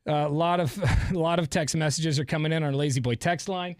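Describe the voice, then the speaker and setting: A man's voice: fairly high pitch, fairly even intonation, slight background noise. A man hosting a morning radio show, joking and laughing with co-hosts and callers. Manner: fast, joking, laughs often.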